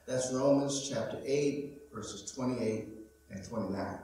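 A male pastor preaching a sermon, telling a story in a measured, slow way. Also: mid-range voice, warm tone, heavy reverb, distant mic, poor audio. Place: church sanctuary.

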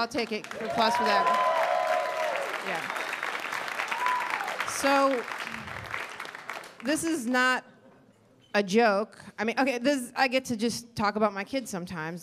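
A woman's voice: a little high, background noise. A middle-aged woman doing a stand-up comedy set on a club stage, rambling and self-deprecating, acting out quotes. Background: audience laughter.

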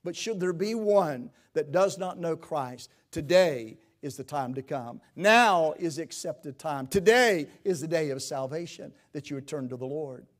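A man pastor preaching a sermon in a church, rising to loud emphatic peaks and dropping to quiet pleading, with old scripture phrasing. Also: fairly high pitch, animated, moderate pace, hardly any pauses.

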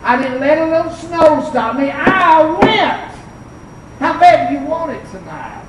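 This is an older preacher at a revival service, fervent and storytelling, who swings up into shouted peaks. The voice sits high and rings around a reverberant church, picked up from well back with a faint hiss underneath. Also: big pitch swings, normal speed. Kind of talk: revival sermon. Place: church sanctuary. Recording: echoey church, mic far off.

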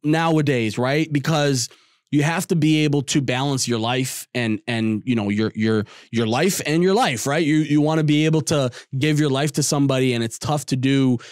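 A man's voice: medium pitch, normal speed, smooth, no echo, studio quality. A man co-hosting a casual sports podcast, rambling and upbeat, often repeating words as he thinks. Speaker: co-host.

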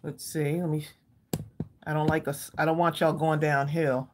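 A craft channel host speaks to her viewers in a deep voice with flat delivery at a moderate pace. Chatty and a little out of breath, she calls them y'all during a casual live stream from her home craft room.

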